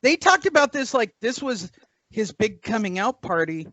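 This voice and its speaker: Higher voiced guy riffing sarcastically on boxing, dry muffled sound. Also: very animated, normal speed, sharp tone, dry recording. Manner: sarcastic, mocking. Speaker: boxing podcast host. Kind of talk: casual sports talk.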